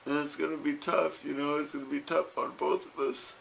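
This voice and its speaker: A man's voice: a little high, little pitch movement, brisk, vocal fry, fairly bright tone, slight background noise. A man talking casually to a home camera, rambling with fillers and repeated words. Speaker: vlogger. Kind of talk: casual home video talk.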